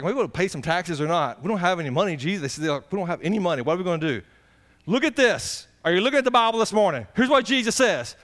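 A middle-aged pastor preaching a sermon in a folksy way, asking the congregation questions, swinging between excited high passages and low quiet asides. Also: male voice.

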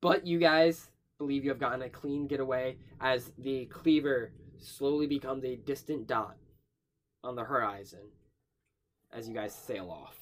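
A man's voice: medium pitch, a little slow, slight background noise. A young man narrating as game master in a tabletop game, casual and improvising, with loose swearing.

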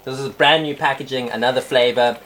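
A man's voice: medium pitch, fairly even intonation, fast, background noise. A young man hosts a casual snack-tasting chat, laughing often and full of fillers. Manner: laughing, filler-heavy and chatty. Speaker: host.

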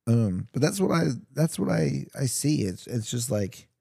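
A man hosting a podcast, reading a Bible passage aloud and then reflecting on it in a thoughtful, halting, casual way. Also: medium pitch, very animated, creaky, dark tone, husky, dry recording, clean studio sound. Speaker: podcast host.

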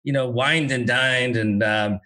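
Bright-voiced joking male host. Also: medium pitch, steady tone, unhurried. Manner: playful, jokey, sarcastic asides. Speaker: interview host. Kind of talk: casual interview chat.

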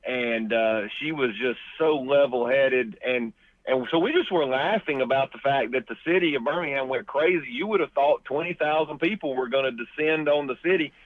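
A man's voice: medium pitch, normal speed, dry recording. Chatty man on a tinny phone line. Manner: chatty anecdotal storyteller. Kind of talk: casual political talk, storytelling.

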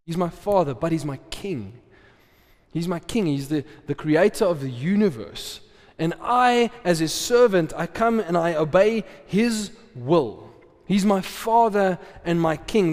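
A man preaching in a casual, chatty way, tossing questions at the congregation and laughing easily. His voice sits a little high for a man. A long reverb trails each phrase through the hall. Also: a little mellow. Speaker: pastor. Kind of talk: sermon.

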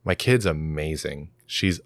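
A young man with a very low voice tells stories in a loose, animated way, full of fillers and swearing. The recording is close and dry, with no room sound. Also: measured pace, dry recording. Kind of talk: casual chat.

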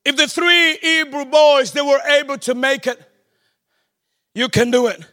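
High-voiced preacher, hushed to shouting. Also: male voice, a little slow. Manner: swings from hushed storytelling to shouted exhortation. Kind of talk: sermon with storytelling.

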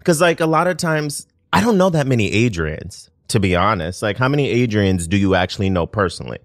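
Low-voiced comedian guest, lively delivery. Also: male voice, brisk, dry recording, clean studio sound. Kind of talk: casual comedy podcast banter.

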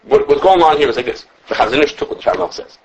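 A man full of gives a quick, informal halachic class, correcting himself as he goes. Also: a little high, creaky, slight background noise. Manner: animated, quick, self-correcting, answers questions. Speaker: Torah teacher. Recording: dull lo-fi recording.

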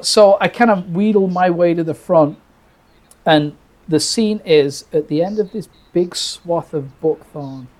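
British guy telling a birding story, animated, stumbles and repeats himself, does the voices of people in it. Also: on the high side. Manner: animated, restarts often, acts out quoted lines. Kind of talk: casual storytelling.

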